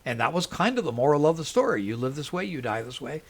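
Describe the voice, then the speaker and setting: A man's voice: fairly high pitch, quick pace, gravelly. A male college professor telling anecdotes in a casual podcast interview, restarting his sentences often. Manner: animated anecdotes with frequent restarts.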